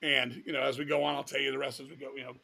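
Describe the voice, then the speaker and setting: A middle-aged man from Virginia, telling a long personal story in an interview with a blunt, profane, animated manner. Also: medium pitch, very fast, creaky, a crowd in the background. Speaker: guest musician.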